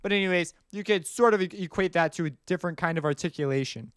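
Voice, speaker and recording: A man's voice: high-pitched, quick pace, a bit bright, smooth, no echo, studio quality. A man teaching music production in a casual, rambling way, often singing rhythms aloud as he explains. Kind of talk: screen-recorded tutorial explanation.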